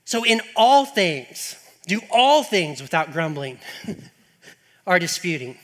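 A middle-aged male pastor preaching a sermon, given to animated, exasperated rants and strings of rhetorical questions. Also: high voice, slow. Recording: long hall reverb.

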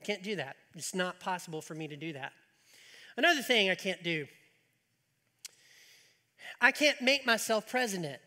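Pastor preaching a sermon, high bright voice, folksy with jokes, long church-hall reverb. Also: male voice, animated, moderate pace, pauses often. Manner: folksy, joking asides to the congregation. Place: church sanctuary.

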